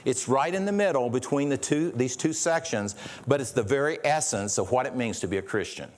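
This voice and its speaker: A man delivering a sermon at an ordinary middle pitch. He preaches earnestly, often restarting phrases and repeating words as he builds his point. He poses rhetorical questions to his listeners. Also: lively intonation, fairly quick. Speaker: pastor.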